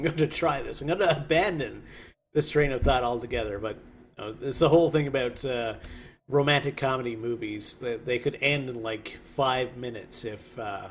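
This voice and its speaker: A man in the middle of a relaxed let's play, thinking aloud as he clicks through a strategy game. He rambles, makes small jokes, and corrects himself as he goes. His pitch sits in an ordinary middle range, with a faint hum of background noise under the voice. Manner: rambling, musing aloud with joking asides. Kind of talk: casual gameplay commentary.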